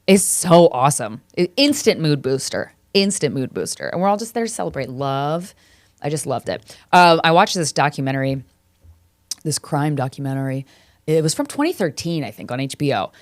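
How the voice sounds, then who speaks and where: A woman in her thirties with a deep voice hosts a podcast, telling stories in a casual, chatty comedic monologue. She talks a little fast, swears freely and laughs often. The recording is dry.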